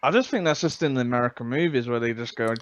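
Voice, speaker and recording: A man's voice: mid-range voice, quick pace, muffled recording. A man with an English accent, co-hosting a casual gaming stream late at night in a laid-back, easygoing way. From England. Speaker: co-host.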